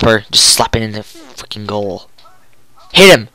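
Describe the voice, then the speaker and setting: Gamer, goofy live commentary, excitable, lively pitch swings. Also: takes it slowly, long pauses, no room sound, whispered. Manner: excitable, jokey, yells and groans at the play. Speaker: gamer playing a hockey video game.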